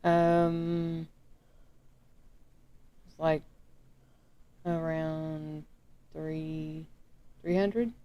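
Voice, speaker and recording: A woman's voice: deep voice, fairly even intonation, drawn-out words, pauses often, muffled recording. A woman in casual chat, talking in a chatty, hesitant way, correcting herself as she goes.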